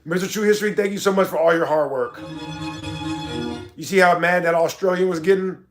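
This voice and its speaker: Man livestream host, high voice, mocking and argumentative, faint music behind. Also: steady tone. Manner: argumentative, mocking, drawn-out emphasis. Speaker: livestream host reading chat. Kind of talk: casual livestream chat.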